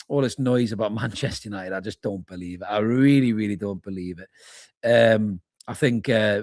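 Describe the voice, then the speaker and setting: A man's voice: fairly low pitch, no echo, clean studio sound. A man hosting a live fan reaction stream, chatting informally as he reads out viewers' comments and calls them mate. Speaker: fan channel host. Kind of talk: live match reaction, reading chat comments.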